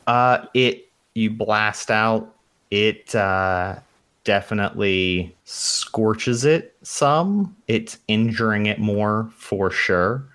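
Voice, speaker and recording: Slow, deep-voiced male game master. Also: fairly bright tone, clear, resonant tone. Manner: casual, laughing, swears freely. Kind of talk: narrating a tabletop game.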